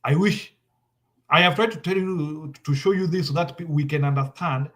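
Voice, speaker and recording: A Kenyan man arguing politics with urgency and sitting a touch high in his range. He drives his points in through repetition, trips into restarts and moves back and forth between English and Swahili. The delivery stays forceful and persistent. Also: moderate pace. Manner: insistent, repeats points, switches into Swahili. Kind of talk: heated political talk.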